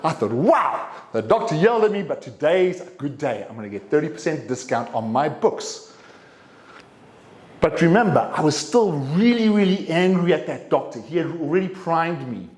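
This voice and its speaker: A middle-aged man tells a personal story as a prepared speech. His voice sits somewhat high and leaps around as he acts out each exchange. The sound carries the echo of a meeting room. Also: moderate pace. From English-speaking country, living in Taiwan. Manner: animated storyteller, acts out quotes with sharp jumps in pitch. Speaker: club speaker.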